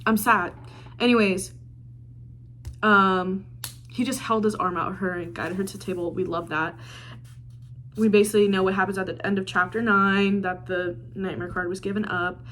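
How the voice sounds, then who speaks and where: A woman's voice: medium pitch, fairly even intonation, moderate pace, long pauses, fairly bright tone, a little hiss or hum. A young woman book vlogger recapping a fantasy novel in casual, gushing chat full of fillers. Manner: gushing, chatty, full of "like" and "literally". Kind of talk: casual reading vlog chat.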